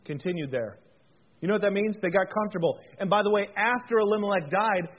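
A man's voice: high-pitched, quick pace, slight background noise. A man preaching a sermon as pastor, earnest and folksy, often repeating words and stumbling into joking asides. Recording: muffled lo-fi recording.

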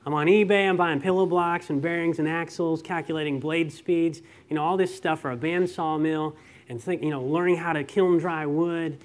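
A middle-aged pastor preaching a conversational sermon, telling stories and asking rhetorical questions. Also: male voice, a little high, fairly even intonation, moderate pace.

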